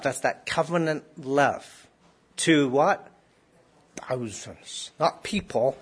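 A man's voice: on the high side, a little slow, pauses often, a bit bright, breathy edge. A man preaching a sermon to a congregation in a conversational way, often asking rhetorical questions. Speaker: pastor.

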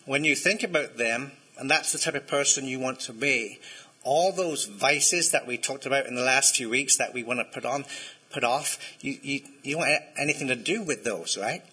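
Preaching conversationally, a pastor keeps checking in with his listeners and invites the congregation to answer back. He has a mid-range, husky voice that's bright and forceful at a moderate pace, on a low-quality recording.

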